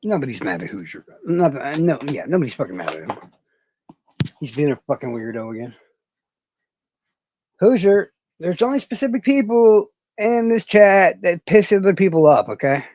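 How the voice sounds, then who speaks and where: A man chatting on his livestream in a rambling, profane, self-mocking way. His voice sits a little high and swings widely in pitch. The sound is dry and close, with little room tone. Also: sing-song, normal speed, darkish tone, no room sound. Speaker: livestream host. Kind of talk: casual livestream chat.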